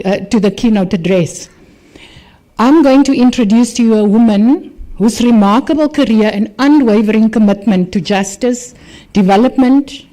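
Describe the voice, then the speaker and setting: A woman's voice: medium pitch, dark tone. A woman giving a formal welcome and introducing the keynote speaker at a university event. She speaks graciously and mixes in a short personal story, into a podium microphone in a function hall. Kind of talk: formal welcome speech with anecdote.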